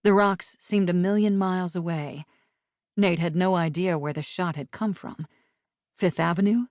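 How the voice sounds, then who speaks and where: A woman narrating a novel for an audiobook in a steady, measured way, recorded close on a studio mic. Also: on the low side, dry recording.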